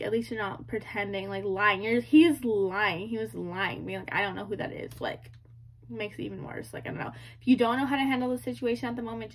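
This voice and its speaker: A young woman in her early twenties talks casually in a slightly raised voice. She rambles, filling nearly every phrase with "like" and "you know", and keeps turning to ask the listener what they think. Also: a little high. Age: early 20s. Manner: rambling, full of "like" and "you know", asks the audience. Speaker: commentator. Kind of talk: casual commentary.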